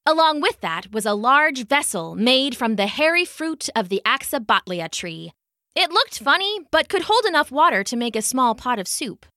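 A woman narrating a fantasy storybook in an expressive, lively way. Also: high-pitched, moderate pace, dry recording, clean studio sound.

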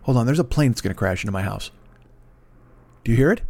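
A man's voice: medium pitch, quick pace, gravelly. A man hosting a podcast from his apartment, ranting in a casual, profane, rambling comedic monologue. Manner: profane, rambling, animated rants. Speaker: podcast host. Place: home apartment in Los Angeles.

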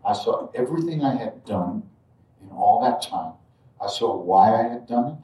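A man telling a personal story to an audience in a conversational, emphatic way that often drops to hushed tones. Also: mid-range voice, animated, normal speed. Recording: roomy sound from a distant mic.

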